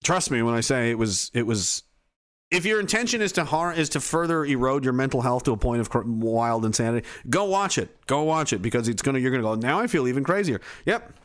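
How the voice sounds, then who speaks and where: Loud, profane man ranting. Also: mid-range voice, lively intonation, fairly quick. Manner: loud, mocking, laughs often, shouts. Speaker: live-stream host. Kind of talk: profane comedic commentary.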